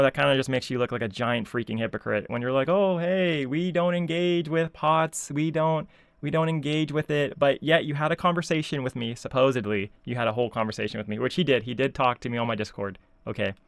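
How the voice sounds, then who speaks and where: Man ranting in a smooth, dry voice. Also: mid-range voice, fairly bright tone, no echo. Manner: exasperated, sarcastic, heavy filler words. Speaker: YouTube commentator. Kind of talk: casual commentary rant.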